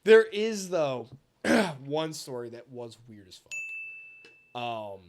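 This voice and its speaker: A young man in his twenties, co-hosting a podcast and telling a long, profane story in casual, animated chat. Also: medium pitch, takes it slowly, background noise. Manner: animated, swearing, bursts into loud impressions. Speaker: podcast co-host.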